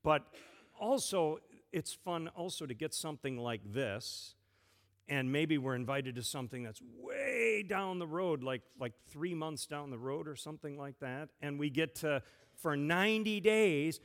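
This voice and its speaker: A man, a pastor giving a playful children's sermon and gently asking a child many questions. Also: on the high side. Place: church sanctuary. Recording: long church reverb.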